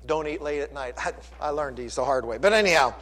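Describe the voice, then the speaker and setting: A man preaching a sermon as pastor, animated, with sudden loud bursts and repeated words. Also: a little high, quick pace. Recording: long hall reverb.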